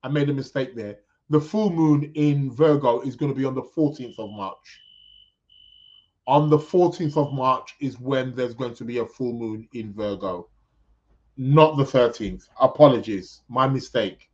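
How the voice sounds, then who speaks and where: A man's voice: mid-range voice, unhurried. A man hosting an astrology podcast in a casual live-stream style, rambling and correcting himself as he chats with his viewers. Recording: dull lo-fi sound.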